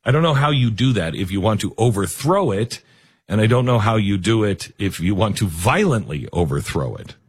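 A man hosting a call-in talk radio show, talking in a measured, deliberate way and then taking callers. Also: lowish voice, lively intonation, husky, no echo.

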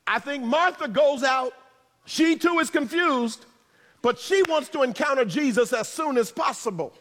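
A man preaching a sermon in a church, animated, with playful asides and shouted emphasis. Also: very high voice, measured pace, in a large hall. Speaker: pastor.

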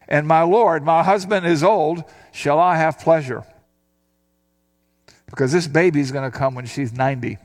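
An older man teaching a Bible passage, reading verses aloud and explaining them in a relaxed, conversational way. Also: a little high. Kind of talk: sermon.

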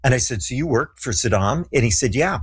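Husky man telling a lively story. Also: mid-range voice, brisk. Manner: animated storyteller acting out quoted voices. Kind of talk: casual storytelling interview.

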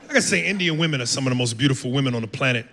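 A man's voice: medium pitch, animated, very fast, pushed and bright, a little hiss or hum. A man from the United States doing a brash, profane stand-up set on a comedy club stage. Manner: brash, profane, acts out accents. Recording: long hall reverb.

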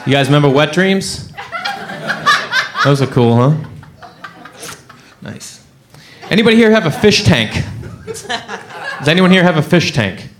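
A man's voice: on the high side, sing-song, unhurried, long pauses, background noise. A man doing stand-up on a club stage, telling a rambling self-mocking story full of "you know" fillers. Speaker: stand-up comedian.

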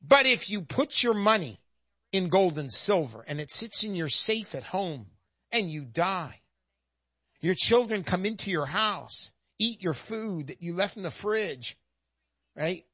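Woman presenter, folksy and emphatic, sarcastic asides; lively, swooping delivery. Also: fairly low pitch, measured pace, no echo, clean studio sound. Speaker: presenter pitching gold investment. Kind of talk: persuasive sales monologue.

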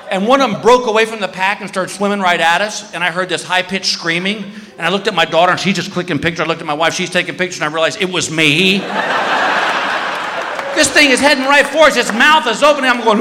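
Performing stand-up at a live show in an echoing hall, a man narrates a story and voices the people in it. He speaks briskly in a high, sharp-toned voice, with slight background noise audible.

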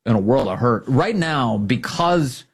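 A man's voice: medium pitch, lively intonation, unhurried, slightly rough. A man giving emphatic, sarcastic political commentary, mocking the people he quotes.

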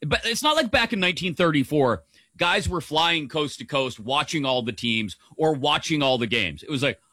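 A man's voice: on the high side, animated, normal speed, sharp tone, no echo. A man hosting a sports radio show, talking in a rambling, sarcastic way. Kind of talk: casual sports talk.

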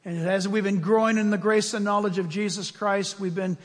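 Husky-voiced pastor preaching in a hall. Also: male voice, high-pitched, a little fast. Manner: animated storytelling, shifts between loud and soft. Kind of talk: sermon. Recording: long reverb of a large hall.

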